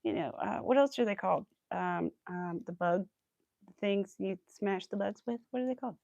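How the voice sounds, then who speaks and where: A young woman with a light Southern accent chats away while she crochets on a livestream. She rambles from one thing to the next and laughs a lot. Her voice has a gravelly fry, and the sound is close and dry. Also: medium pitch, normal speed, darkish tone, dry recording. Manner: chatty, rambling, laughs often, talks to her dog.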